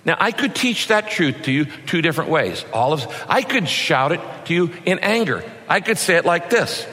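Middle-aged male pastor, bright and forceful, folksy sermon delivery, big-hall reverb. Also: fairly high pitch, very animated, moderate pace. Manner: folksy, emphatic preaching with rhetorical questions. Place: large church auditorium.

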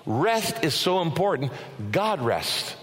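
A male pastor delivers an emphatic sermon to his congregation, his voice sitting fairly high for a man. He restarts and repeats phrases as he drives each point home. The sound carries a long reverb, as in a large hall. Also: very animated, slow pace, fairly bright tone.

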